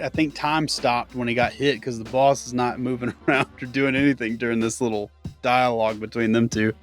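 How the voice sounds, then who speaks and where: A man ranting through a sarcastic, profane comedic anime review, exasperated. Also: on the high side. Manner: acts out characters in mocking voices.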